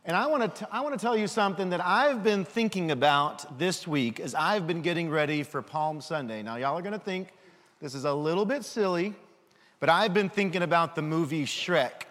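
A man giving a children's sermon, lively and full of questions for the kids. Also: a little high, moderate pace, big-room sound. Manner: animated, asks children questions.

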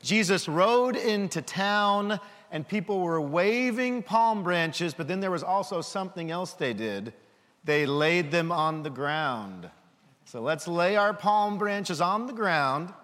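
A man giving a children's sermon, lively and full of questions for the kids. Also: high-pitched, slow pace, in a large hall. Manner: animated, asks children questions.

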